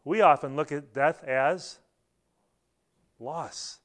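A middle-aged man preaching a sermon in a church, telling stories and acting out quotes with sudden loud bursts. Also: fairly high pitch, takes it slowly. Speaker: pastor.

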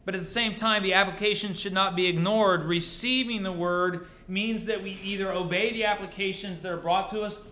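Guy preaching a sermon, asks lots of questions, dry jokes, kinda higher voice, echoey church. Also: steady tone, brisk, hardly any pauses, bright, forceful tone. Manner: rhetorical questions, dry humor. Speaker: pastor. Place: church sanctuary. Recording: roomy church echo.

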